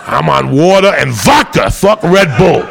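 A middle-aged man telling a profane, rowdy stand-up story, loud and rambunctious, with a gravelly voice. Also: big pitch swings, a little slow, music in the background. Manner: loud, profane, rambunctious, swings into high shouts. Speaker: stand-up comedian. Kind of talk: stand-up storytelling to a live audience.

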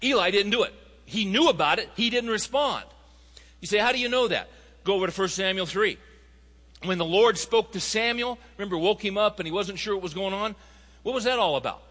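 High, bright-voiced preacher in a hall. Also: male voice, a little fast. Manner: storytelling, rising to emphatic appeals. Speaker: pastor. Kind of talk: sermon.

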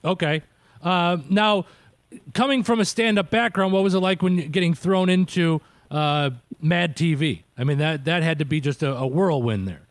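A man's voice: on the high side, normal speed, no room sound. A man hosting a casual interview, a comedian himself, chatting and asking eager questions. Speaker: host and comedian.

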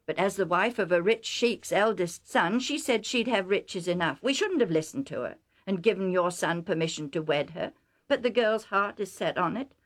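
A woman's voice: medium pitch, expressive, normal speed, natural voice. A woman voicing an indignant foreign chieftain. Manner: indignant, scornful, declaiming. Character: furious older male foreign chieftain, proud.

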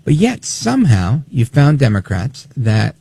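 A man hosting opinionated political talk radio, animated and snide, acting out quotes as he talks. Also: medium pitch, measured pace, vocal fry, slightly rough, dry recording.

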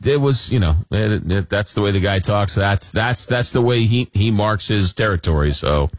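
A man hosting a late-night call-in radio show, reading listener messages aloud in a halting way with many fillers. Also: on the low side, lively intonation, no room sound. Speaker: radio talk show host. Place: radio studio. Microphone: close studio mic.

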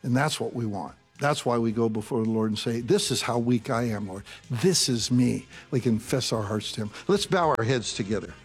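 A man's voice: medium pitch, normal speed, hardly any pauses, husky, soft background music. Male pastor, conversational sermon, asides to the congregation, long hall reverb.

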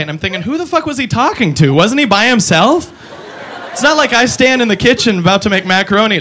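A man doing an animated stand-up routine, putting on silly voices for his characters. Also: high-pitched, fast talker, slight background noise. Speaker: stand-up comedian.

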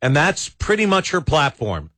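A man's voice: on the high side, huge pitch swings, moderate pace, a bit bright. A man hosting a talk radio show, rambling and exasperated, with many false starts. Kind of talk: casual talk radio commentary.

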